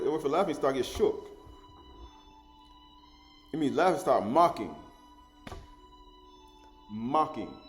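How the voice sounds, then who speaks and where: In a mid-range voice, a man teaches through his sermon with animation, saying things over in different ways and chuckling as he goes.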